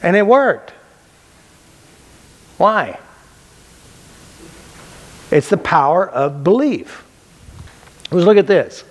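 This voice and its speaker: A man teaches a class in an unscripted, casual style, his voice sitting a little high. He stresses points by repeating phrases and firing rhetorical questions, and his sentences restart loosely. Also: big pitch swings, extremely slow, pauses often. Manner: emphatic, repeats key phrases, asks and answers his own questions. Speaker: teacher of a mind-body healing method.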